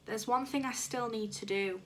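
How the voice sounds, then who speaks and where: Woman reading a calm older-brother schoolboy. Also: a little high, normal speed, a little hiss or hum, natural voice. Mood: matter-of-fact.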